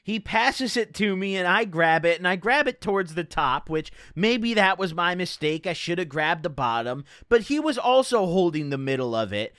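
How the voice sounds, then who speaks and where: A man's voice: sits high, expressive, normal speed, hardly any pauses, fairly bright tone, smooth, dry recording, studio quality. A man in his twenties casually telling a rambling, profane story from his own life. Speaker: streamer.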